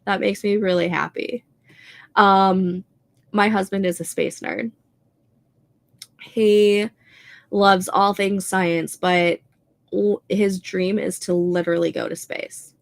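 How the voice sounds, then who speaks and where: A woman's voice: medium pitch, fairly even intonation, slow, gravelly, long pauses. A young woman with a Minnesotan accent, hosting a writing livestream and chatting casually with lots of fillers. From American Midwest. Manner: chatty, many "like" and "um" fillers, laughs often. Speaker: livestream host reading chat. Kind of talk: casual chat.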